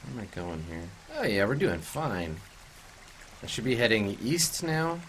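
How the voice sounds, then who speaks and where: A man's voice: lowish voice, big pitch swings, measured pace, noisy background. Chatty man playing a game. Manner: chatty, playful, joking. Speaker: game streamer. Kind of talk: casual let's-play commentary.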